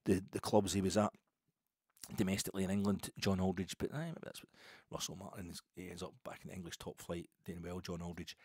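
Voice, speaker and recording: A man's voice: deep voice, slightly rough, no room sound, clean studio sound. A man in his fifties with a Scottish accent, hosting a solo football podcast in a rambling, wry way that keeps correcting itself. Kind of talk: casual solo podcast chat.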